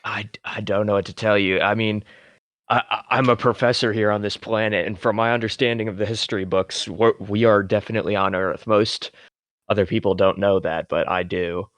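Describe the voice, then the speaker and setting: A man's voice: fairly low pitch, steady tone, brisk, fairly bright tone, dry recording. A man playing a tabletop game who talks hesitantly and stammers as his character. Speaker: player. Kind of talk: tabletop role-play.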